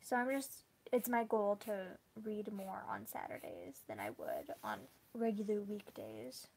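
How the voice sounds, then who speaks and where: A woman book vlogger chatting casually with her viewers, full of "like" fillers and quick laughs. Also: medium pitch, very animated, gravelly, darkish tone, slightly rough. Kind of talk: casual live chat with viewers.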